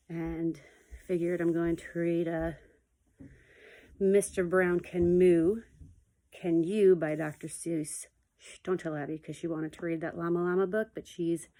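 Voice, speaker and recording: Chatty woman teacher, slightly low voice. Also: dark tone. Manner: chatty and digressive, playful animal sound effects. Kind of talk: casual video message and read-aloud for pupils. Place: home basement.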